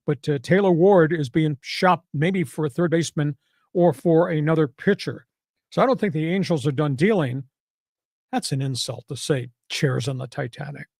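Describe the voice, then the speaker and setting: A man hosts a sports talk podcast with a brash, sarcastic edge and punchy delivery. His voice sits a little high. The sound is dry and close, with no room echo. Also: moderate pace, vocal fry, a little mellow, husky.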